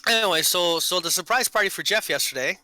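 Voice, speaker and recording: A man hosting a casual live-stream chat, telling stories in a lively way and switching between Portuguese and English. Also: sits high, quick pace, low-quality recording. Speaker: podcast host.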